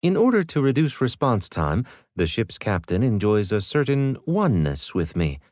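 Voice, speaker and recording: A man voicing a calm, literal-minded male ship AI with precise, dry delivery. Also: fairly low pitch, moderate pace, no room sound. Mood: deadpan.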